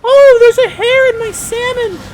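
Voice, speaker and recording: A man voicing a fussy, demanding woman customer in a shrill, whiny falsetto. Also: a little slow, slight background noise, low-quality recording.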